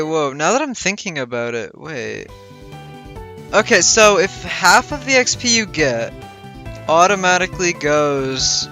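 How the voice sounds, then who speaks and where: A man's voice: on the high side, bright, forceful tone. A tired young man streaming a game, thinking aloud in a rambling way with lots of fillers. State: tired and yawning. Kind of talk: casual gameplay livestream chat. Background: game music.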